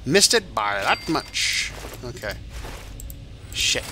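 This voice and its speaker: A man's voice: mid-range voice, very animated, takes it slowly, bright, forceful tone, a little hiss or hum. A man hosting a let's-play, chatting casually as he plays, rambling and swearing now and then, a little tired. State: tired, yawning. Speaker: game channel host.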